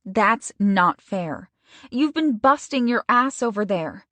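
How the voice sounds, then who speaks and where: A woman doing a higher-pitched, worried best friend. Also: expressive, slow, a bit bright, no echo. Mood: concerned.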